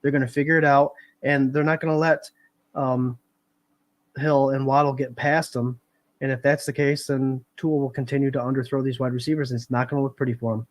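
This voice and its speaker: A man's voice: medium pitch, little pitch movement, a little fast, no echo. A man co-hosting a casual sports panel podcast, talking in a laid-back way and making game predictions. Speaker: podcast co-host.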